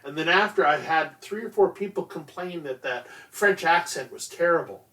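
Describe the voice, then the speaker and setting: A man, a theater director, hosting an interview and talking in a relaxed, reflective way about acting. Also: on the high side, normal speed, distant mic. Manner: relaxed, reflective, frequent uh fillers. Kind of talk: casual interview chat.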